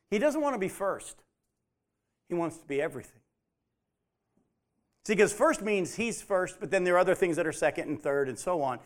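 A man teaching a Bible study, emphatic, repeating his key points and putting questions to the group. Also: on the high side.

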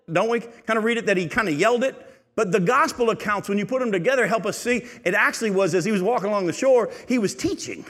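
A man's voice: quick pace, hardly any pauses. Man preaching in a reverberant hall. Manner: rises in pitch and volume when reading aloud, drops low and quiet when retelling; conversational asides and rhetorical questions to the congregation. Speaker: pastor. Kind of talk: sermon, reading scripture and explaining it.

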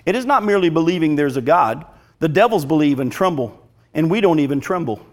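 A middle-aged male preacher gives a sermon in a fairly high-pitched voice, reading from a devotional text a little fast and with lively intonation. He is earnest and emphatic, driving each point home.

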